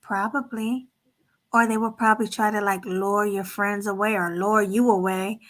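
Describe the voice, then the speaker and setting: A woman's voice: medium pitch, fairly even intonation, moderate pace, fairly bright tone. A woman co-hosting a casual chat, mostly answering with short agreeing replies. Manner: brief agreeing backchannel replies. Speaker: co-host.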